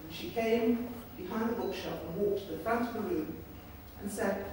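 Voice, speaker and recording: A woman's voice: medium pitch, moderate pace. Woman telling stories in an echoey hall. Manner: lively storyteller who acts out voices. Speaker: campaign speaker. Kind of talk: storytelling speech. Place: large meeting room in Parliament. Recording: echoey hall from far off, faint hiss.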